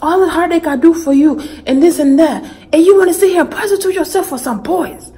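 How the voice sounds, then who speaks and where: A woman voicing a furious middle-aged father who yells and scolds his daughter, repeating accusations over and over. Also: very high voice, a little fast, voice pushed up. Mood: ranting. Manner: yelling, accusing, repeating insults.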